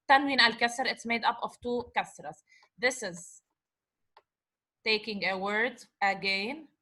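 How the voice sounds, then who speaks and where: A woman's voice: on the high side, bright, forceful tone. A woman teacher giving a patient lecture, often checking in with "okay?". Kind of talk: classroom lecture.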